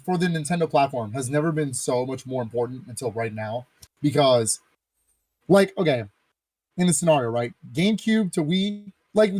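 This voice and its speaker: A young man hosting a gaming podcast, talking in a casual, animated and jokey way. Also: medium pitch, dry recording. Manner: animated, jokey, playing a game while talking. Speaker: podcast host. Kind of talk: casual chat.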